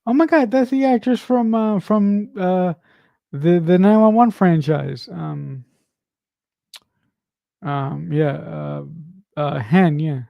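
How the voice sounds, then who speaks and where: A man co-hosting a casual movie commentary, enthusiastic, halting with many fillers. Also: sits high, gravelly, no room sound, muffled recording. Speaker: podcast co-host.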